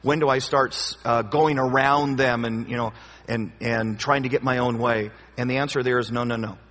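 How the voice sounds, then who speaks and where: A man's voice: medium pitch, fairly even intonation, normal speed, a bit bright. A man leading a Bible study question time as pastor, talking in a conversational, joking and emphatic way. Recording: long hall reverb.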